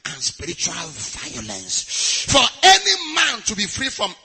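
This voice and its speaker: A man preaching a sermon, chanting and rising to shouts, then dropping to hushed asides. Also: high voice, wildly swooping pitch, unhurried, a little hiss or hum.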